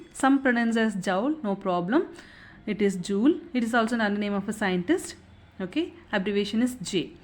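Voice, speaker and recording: A young woman teaching an exam revision lesson, explaining step by step and checking in with a frequent "okay". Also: mid-range voice.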